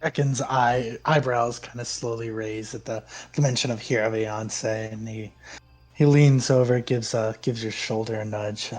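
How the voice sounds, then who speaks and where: A man's voice: mid-range voice, fairly even intonation, a little slow, darkish tone. A man narrates a tabletop game as its game master in a mid-range voice. He talks loosely, with fillers and laughs. Faint music plays behind him.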